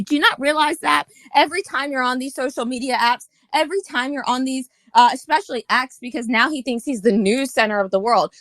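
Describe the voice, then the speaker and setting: A woman on a live audio room, venting in a heated, profane rant. Her voice sits a little high and sounds bright and forceful. The sound is dry and close, with no room around it. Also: no room sound. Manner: angry, profane, heated ranting. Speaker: host. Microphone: phone or headset in a live audio room.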